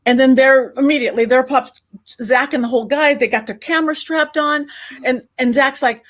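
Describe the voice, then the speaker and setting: A woman guest on a podcast, telling a story in a lively, casual way and acting out her own quotes. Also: sits high, brisk. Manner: animated, acts out her own quotes, many restarts. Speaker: podcast guest, psychic medium.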